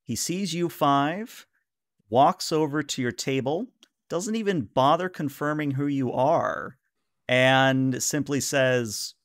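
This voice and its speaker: A man narrating a tabletop role-playing game as game master, relaxed and filling pauses with "uh". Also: medium pitch, no echo, studio quality. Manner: relaxed narration with many "uh" fillers.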